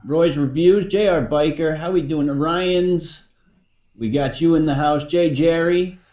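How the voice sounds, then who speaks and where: An upbeat, friendly American man co-hosting a live stream and greeting viewers one after another. His voice is fairly high for a man, and it sounds echoey and slightly muffled. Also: measured pace. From United States. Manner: upbeat, friendly shout-outs. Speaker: co-host. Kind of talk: casual live-stream chat.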